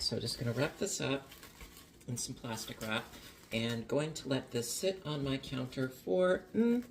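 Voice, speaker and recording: A home baking vlogger chats casually in her kitchen while demonstrating a recipe, playful and full of jokey asides. Her voice sits at medium pitch, with slight background noise.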